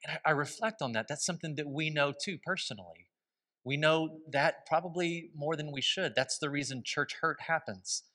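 A man's voice: a little high, normal speed, bright, forceful tone. A man preaching a sermon as pastor, telling stories with a conversational, humorous manner.

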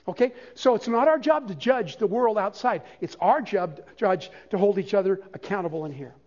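A high-pitched older man delivers a sermon from the pulpit, moving between quiet teaching and lively, joking asides. The recording is dull and lo-fi. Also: normal speed. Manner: animated, conversational preaching with self-deprecating humor. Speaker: pastor.

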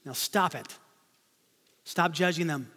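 Male pastor, high-pitched, dynamic sermon delivery, church hall reverb. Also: takes it slowly. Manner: dynamic, swings from loud rhetorical questions to hushed asides. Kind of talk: expository sermon.

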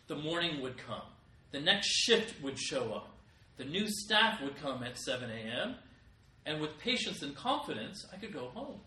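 A man's voice: on the high side, pushed and bright. A middle-aged man preaching a sermon as pastor, with emphatic rises in volume. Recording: echoey room, voice from a distance.

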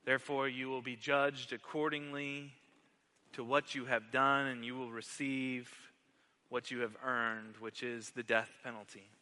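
A man voicing a stern judge in a sermon story, grave and measured. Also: medium pitch, level tone, pushed and bright, smooth.

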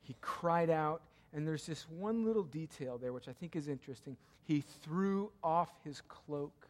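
A man preaching a sermon as pastor, emphatic and repetitive, swinging from loud cries to hushed, quiet passages. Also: fairly high pitch, measured pace. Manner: emphatic, repeats key lines, swings between loud cries and hushed tones. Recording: long hall reverb.

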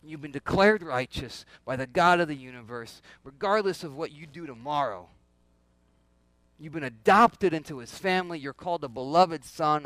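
A man preaching to his congregation in a loose, conversational way, repeating phrases and calling out questions. His voice sits high and sounds smooth and clear. The recording is dry and close, with no room echo. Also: a bit bright. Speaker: pastor. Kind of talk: sermon.

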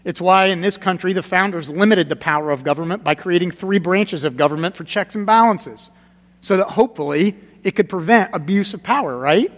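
Higher-voiced male pastor preaching in a hall. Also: fairly quick. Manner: conversational preaching, emphatic repetitions, drops to quiet gravity. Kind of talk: sermon.

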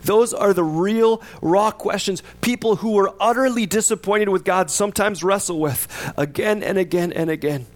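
A male pastor delivers a sermon in a conversational way, with a voice pitched a little high for a man. He keeps turning to his listeners with questions. When he voices the psalmist, his words build in intensity. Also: normal speed, hardly any pauses. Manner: conversational, asks the congregation questions; acts out the psalmist's voice with rising intensity.

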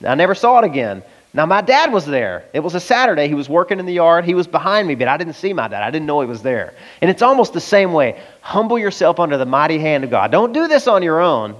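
A man from the American South preaching a lively, conversational sermon and often asking his listeners questions. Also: on the high side, poor audio.

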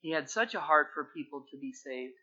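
A man preaching a sermon, reading scripture aloud with emphasis and retelling the story in lively paraphrase. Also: a little high, a little fast. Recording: dull lo-fi recording.

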